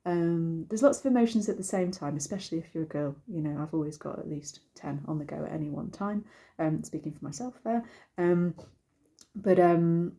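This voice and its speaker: A woman's voice: fairly low pitch, warm tone. A woman, a singing teacher, giving a casual and rambling lesson to camera with many ums and restarts. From United Kingdom.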